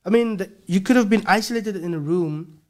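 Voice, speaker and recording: Brief: academic man, slightly high voice, earnest explainer, lots of restarts. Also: fairly quick. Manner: earnest, explanatory, with frequent restarts and repeated words. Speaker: linguistics professor, podcast guest. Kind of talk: casual interview talk.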